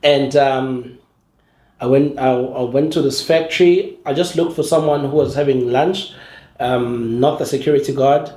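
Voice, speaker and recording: A man with a Zulu-accented South African English accent, whose first language is Zulu, talking as a podcast guest in an animated storytelling way, often restarting his sentences and mimicking other people's voices. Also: mid-range voice, measured pace, echoey room. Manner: frequent restarts and fillers. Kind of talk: casual storytelling interview.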